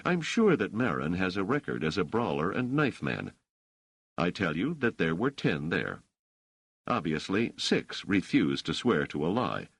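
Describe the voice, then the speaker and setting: A man's voice: low-pitched, very animated, a little slow, gravelly, slightly rough, dry recording, pitched above the performer's own voice, full character voice. A man doing an indignant, grim scholar. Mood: defiant. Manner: firm, hot and grim. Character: indignant male scholar under questioning.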